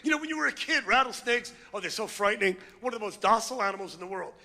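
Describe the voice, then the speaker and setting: A middle-aged man doing a brash, crude, ranting stand-up comedy routine on stage, with loud outbursts. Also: high-pitched, expressive, very fast. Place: comedy stage before a live audience.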